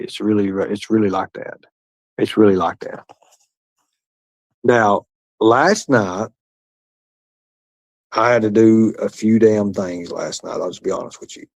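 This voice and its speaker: A man with a fairly low voice hosts a livestream, reading the chat aloud. He rambles, swears freely and repeats himself, recorded dry and close. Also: creaky, no room sound. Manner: rambling, profane, repetitive. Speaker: livestream host.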